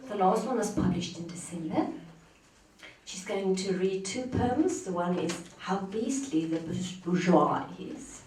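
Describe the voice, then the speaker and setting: A woman host introducing the next reader at a bookshop poetry night, in a relaxed, chatty way. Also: lowish voice, unhurried, slight background noise. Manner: relaxed, chatty, laughs easily. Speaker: event host. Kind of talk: introducing a speaker. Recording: roomy, from far off the mic.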